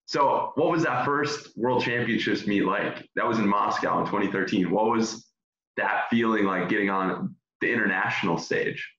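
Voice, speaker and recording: Bright-voiced man in an echoey room. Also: fairly low pitch, normal speed, dull audio. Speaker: podcast co-host. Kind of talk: interview questions.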